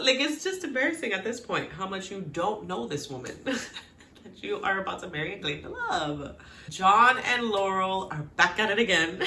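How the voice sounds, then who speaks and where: A woman giving a casual, gossipy recap of a TV episode. She talks in a chatty way with lots of "like" and quick laughs, and she acts out the characters' lines as she goes. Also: lowish voice, animated, bright, forceful tone, roomy sound, slight background noise. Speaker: TV recap vlogger.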